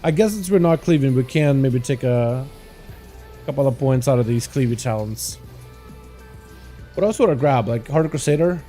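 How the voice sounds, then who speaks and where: A man's voice: medium pitch, expressive, moderate pace, long pauses, warm tone, soft background music. A man hosting a livestream, talking casually through his gameplay and greeting viewers by name. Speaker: livestream host. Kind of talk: casual live gameplay commentary.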